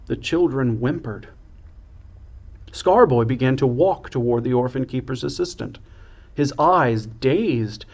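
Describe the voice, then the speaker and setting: A man, a priest, reading a children's storybook aloud in a slow, expressive way. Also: medium pitch, muffled recording.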